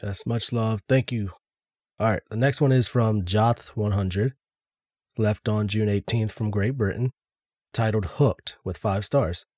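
A man's voice: on the low side, a little slow, a little mellow, no echo, clean studio sound. A man co-hosting a podcast, reading reviews and joking in a laid-back, casual way. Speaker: podcast co-host.

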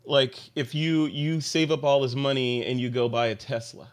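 A man's voice: mid-range voice, steady tone, moderate pace. A man hosting a podcast in casual panel chat, talking animatedly and playfully, slipping into other people's voices to make a point. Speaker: podcast host.

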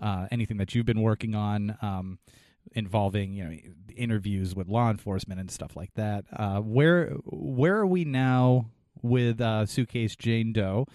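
A man's voice: on the low side, unhurried, darkish tone, dry recording, clean studio sound. A man co-hosting a podcast, asking earnest, rambling questions in casual chat. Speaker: podcast co-host.

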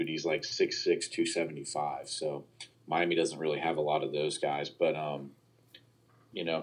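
A man with a very deep, husky voice talks through a sports roster in a relaxed podcast chat. His delivery stays flat and even, and he often pauses on fillers while he weighs his points. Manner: hedging, analytical, frequent "you know" and "um". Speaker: sports analyst guest. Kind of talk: casual football podcast chat.

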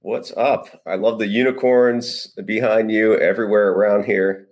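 A man as a podcast guest, chatting in a relaxed, easygoing and playful way over a video call. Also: lowish voice, moderate pace. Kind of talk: casual interview chat.

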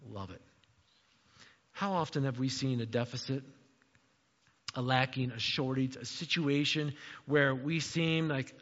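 A man's voice: medium pitch, fairly even intonation, measured pace, long pauses, fairly bright tone, in a large hall, dull audio. A man preaching a sermon in a conversational, playful way, acting out the quotes. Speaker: pastor.

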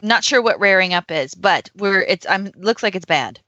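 A woman's voice: mid-range voice, expressive, normal speed, pushed and bright, no room sound, muffled recording. A woman guest in casual talk, playful and joking as she reads ads aloud. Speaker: podcast guest. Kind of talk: casual chat.

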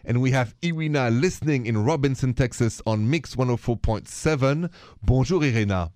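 A man's voice: mid-range voice, moderate pace, darkish tone, no echo, studio quality. A man with a French accent hosting a radio call-in show, chatty and dropping French greetings.

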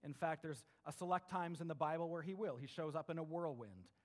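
A young man delivers a sermon in a relaxed, conversational way, his voice sitting a touch higher than most men's. He reads scripture and talks it through, swinging from loud, animated bursts down to near-quiet asides. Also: brisk. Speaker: pastor.

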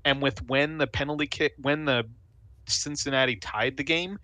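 A man chatting as a soccer podcast panelist, talking in halting restarts with dry sarcasm. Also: medium pitch, sharp tone, no echo. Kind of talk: casual sports chat.

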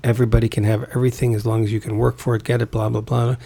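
A man with a gravelly, husky voice speaks as a podcast guest. He rambles through his points, often restarting and repeating words as he goes. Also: mid-range voice, flat delivery, rapid-fire, warm tone. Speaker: podcast guest, Taoist author. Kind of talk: casual conversation.

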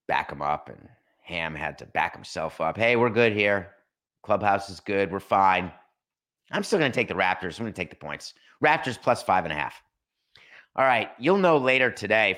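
Bright-voiced sarcastic sports podcast host. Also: male voice, low voice. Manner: sarcastic, animated, acts out scenes. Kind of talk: solo sports podcast monologue.

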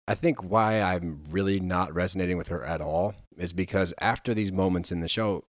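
A man co-hosting a casual reality TV recap podcast, talking in animated, mocking bursts. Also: deep voice, moderate pace, no echo, studio quality. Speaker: podcast co-host.

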